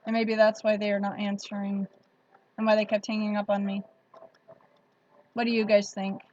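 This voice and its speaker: A woman's voice: medium pitch, flat delivery, normal speed, a little mellow, lo-fi sound, slight background noise. A woman hosting a casual livestream, chatting with viewers and laughing often. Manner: chatty, laughs often, reads out chat comments. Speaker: livestream host.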